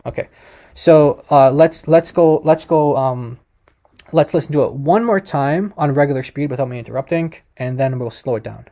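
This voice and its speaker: Soft music plays under a dark-toned male voice that sits on the high side. He's a presenter giving a casual explanatory lesson on Aramaic, speaking straight to viewers and calling them "you guys." His delivery is full of fillers and restarts, and he repeats words slowly for listeners.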